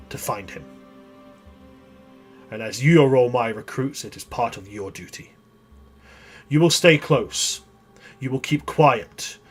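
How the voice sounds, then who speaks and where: A man voicing a stern, grim male warden soldier who speaks in low, quiet, clipped commands over faint music. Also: close to an everyday voice.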